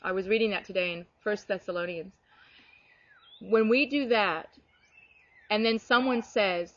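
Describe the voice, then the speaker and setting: A woman telling heartfelt stories from her ministry in an animated, earnest way, often restarting her sentences. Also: mid-range voice, moderate pace, muffled recording. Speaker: guest sharing ministry stories. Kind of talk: earnest conversational testimony.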